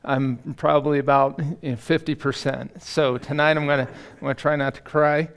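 A middle-aged man preaching as a pastor in a church, halting and self-deprecating, with many fillers and restarts. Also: a little high, flat delivery, gravelly, clean tone. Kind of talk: sermon. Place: church sanctuary.

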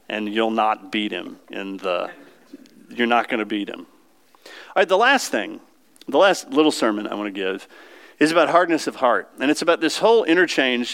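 A man with a mid-range, slightly bright voice preaches a sermon in a conversational style. He often puts questions to the congregation.

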